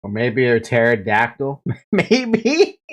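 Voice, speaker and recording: Giggly streamer with lively pitch. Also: slow. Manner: giggly, swearing, playful. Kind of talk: casual game stream chat.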